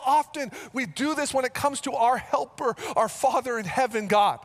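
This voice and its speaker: A male pastor preaching a sermon in an earnest way, repeating phrases as he goes and rising into animated storytelling. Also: very high-pitched, normal speed, hardly any pauses.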